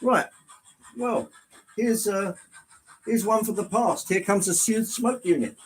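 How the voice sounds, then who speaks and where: Middle-aged male livestream host, fairly high-pitched, chatty and exclamatory, casual hobby-room talk. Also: slow, slightly rough, poor audio. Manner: chatty, exclamatory, reads chat aloud. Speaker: livestream host showing model trains. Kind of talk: casual live chat with viewers. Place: indoor hobby room with layout.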